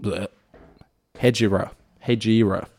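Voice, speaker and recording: A man's voice: fairly low pitch, steady tone, a little slow, darkish tone. Dry, teasing male radio co-host. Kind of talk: casual banter on air. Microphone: studio mic with headphones.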